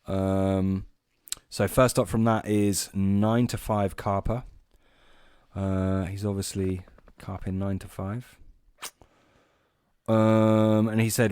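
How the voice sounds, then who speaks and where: Laid-back male podcast co-host, deep voice, dry close sound, rambling delivery. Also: no echo. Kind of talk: casual podcast chat.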